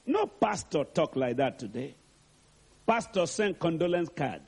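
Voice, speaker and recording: A man's voice: on the high side, sing-song, unhurried, creaky, breathy edge. A man preaching a sermon. He is dramatic and asks the congregation to answer back. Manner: dramatic, calls for responses.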